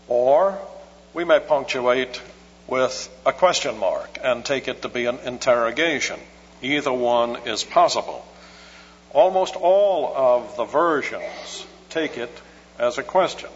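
A man preaching an expository sermon in a measured, scholarly way with dry humor. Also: medium pitch, a bit bright. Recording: muffled hall recording with hum.

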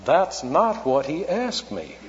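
A preacher voicing a puzzled churchgoing housewife in a quiet, earnest way, in an echoey hall on a dull recording. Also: male voice, fairly high pitch, very animated, slow, slight background noise, voice pushed up.

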